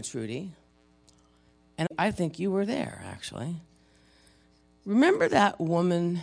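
A preacher delivers a sermon and retells a story in a casual, conversational way, asking the audience questions. His voice is mid-range and creaky.

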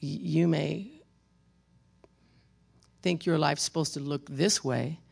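A pastor preaching a sermon, shifting between emphatic exhortation and quiet storytelling, speaking to the congregation by name. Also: mid-range voice, slow pace, gravelly, slightly rough. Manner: addresses congregation members by name, with wry asides.

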